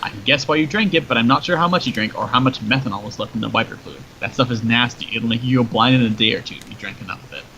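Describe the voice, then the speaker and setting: A man's voice: medium pitch, fast, hardly any pauses, bright, forceful tone. A man voicing a wry, chatty male rattlesnake who grants wishes, in a dull lo-fi recording with faint noise. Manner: chatty, joking, matter-of-fact.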